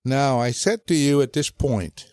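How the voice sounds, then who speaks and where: An older man with a mid-range voice tells family stories close to a dry podcast mic. He slips into the voices of the people in his tales and gets animated at the funny parts. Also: medium pitch, unhurried, clean tone, no room sound. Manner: animated storyteller who acts out voices. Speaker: guest father telling stories. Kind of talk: storytelling chat.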